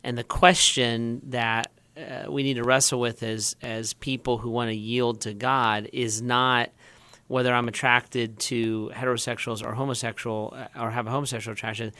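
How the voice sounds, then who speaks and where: Bright-voiced man, earnest pastor. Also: mid-range voice, flat delivery, normal speed, smooth. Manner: earnest, restarts phrases while explaining. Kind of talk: conversational teaching.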